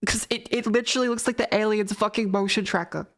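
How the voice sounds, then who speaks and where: Female streamer, casual chat, mid-pitched voice, loose and profane storytelling. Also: fairly even intonation, quick pace, a bit bright. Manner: rambling, profane storytelling broken by laughter.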